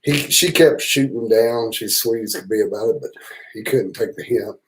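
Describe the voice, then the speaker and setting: A man with a Southern accent who hosts a motorcycle travel channel tells casual, rambling stories on a livestream, cursing and teasing along the way. He speaks at a moderate pace in a lowish voice. The recording is low quality.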